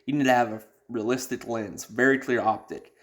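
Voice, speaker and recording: A man's voice: medium pitch, steady tone, moderate pace, fairly bright tone. Casual male podcast voice, blunt and profane, rambles with lots of fillers. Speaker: podcast host. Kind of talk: casual advice talk.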